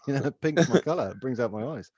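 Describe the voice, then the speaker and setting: A man's voice: medium pitch, expressive, brisk, a little mellow, breathy edge, dry recording. A man in his thirties co-hosting a casual podcast over a video call, swearing freely and acting out exchanges with his kids. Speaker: podcast co-host. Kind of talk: casual chat. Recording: dull, dry video call audio.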